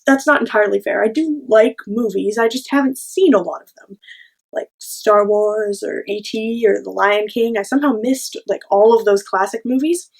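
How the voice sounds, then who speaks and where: Wry young woman with a gravelly edge. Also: mid-range voice, moderate pace. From Ontario, Canada. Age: 20s. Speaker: monologue performer. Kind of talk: comic self-taped monologue.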